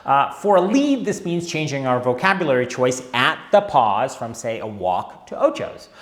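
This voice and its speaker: In this instructional video, a man teaches tango in a medium-pitched, very animated voice with a slightly bright quality and a moderate pace. His style is wry and talkative, and he keeps checking on his viewers. The recording carries the echo of the room.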